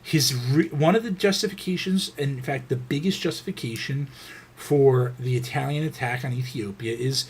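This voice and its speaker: A man's voice: medium pitch, moderate pace, slightly rough. A man giving a casual, unscripted history lecture, rambling with frequent fillers and restarts.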